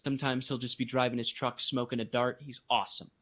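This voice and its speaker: A man co-hosting a podcast, telling a story in casual chat and jumping into high voices for emphasis. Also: fast talker. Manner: animated storytelling, voices others in bursts of high pitch. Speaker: podcast co-host.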